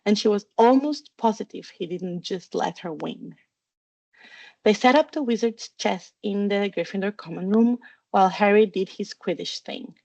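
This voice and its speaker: A woman narrating a fan fiction storybook with steady, even reading. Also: mid-range voice, vocal fry, no echo. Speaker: audiobook reader.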